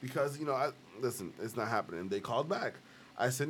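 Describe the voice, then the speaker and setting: A podcast host with a medium-pitched voice talks fast in a casual chat recorded on a live stream, with slight background noise. He tells a story animatedly, laughing often and acting out the people he quotes.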